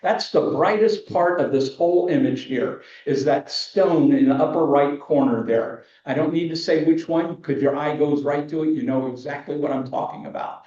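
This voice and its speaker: Judging a photography competition by video call, this man speaks in a mellow, fairly high voice at a moderate pace with few pauses. He's enthusiastic and restarts often, though the audio comes through echoey, muffled and remote.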